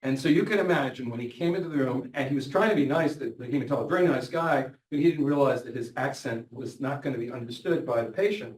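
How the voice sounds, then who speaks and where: A man's voice: medium pitch, quick pace, hardly any pauses. Older man, doctor telling stories, echoey room, heard from a distance. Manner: anecdotal, quoting patients in lively voices. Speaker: physician telling patient stories. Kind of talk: storytelling talk.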